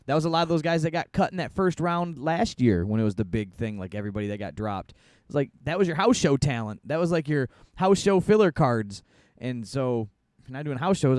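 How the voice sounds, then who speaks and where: A man's voice: mid-range voice, lively intonation, brisk, darkish tone, no echo, clean studio sound. A man co-hosting a podcast in casual chat, telling stories animatedly and laughing often. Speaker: podcast co-host.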